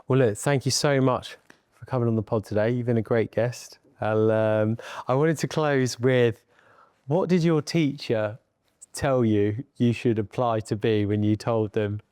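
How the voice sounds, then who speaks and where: Smooth, mellow-voiced man hosting a podcast. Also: mid-range voice, steady tone, unhurried, dry recording, studio quality. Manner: brief, affirming. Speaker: podcast host. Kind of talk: podcast interview.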